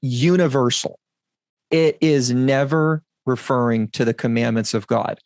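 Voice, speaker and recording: A man hosts a Bible teaching podcast, laying out his points slowly and stressing key words. His voice is mid-pitched, and it sounds dry and close on the mic. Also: a little mellow, dry recording. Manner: deliberate, emphatic, explanatory. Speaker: podcast host.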